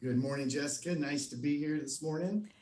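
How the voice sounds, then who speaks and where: A man's voice: fairly high pitch, fairly quick, a little mellow, roomy sound, recorded from a distance. A man being interviewed as an expert guest on a morning TV show, speaking in a friendly, earnest way with fillers.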